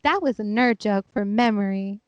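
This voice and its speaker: A woman's voice: mid-range voice, normal speed, no echo, muffled recording. A woman in her thirties, a podcast co-host, telling stories in casual chat and acting out her family's voices. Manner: animated storyteller, acts out family members; laughing, chatty.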